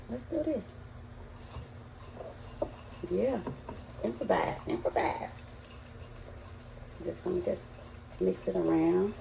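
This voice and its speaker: This older woman speaks in a lowish, creaky, mellow voice, with slight background noise present. Hailing from the Southern United States, she cooks at home and chats in a relaxed, folksy way for her cooking vlog, recorded in an echoey kitchen.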